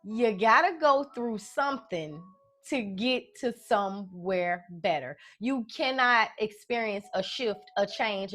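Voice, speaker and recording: A woman's voice: mid-range voice, fairly bright tone. Middle-aged woman, life coach, casual motivational talk, folksy, emphatic, repetitive phrasing. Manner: folksy, emphatic, repeats phrases, addresses viewers as y'all and baby.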